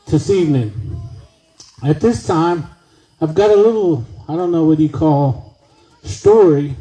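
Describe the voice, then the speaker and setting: High, mellow-voiced emcee man. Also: low-quality recording. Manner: upbeat, crowd-rousing. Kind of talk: hosting a live event. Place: outdoor evening gathering.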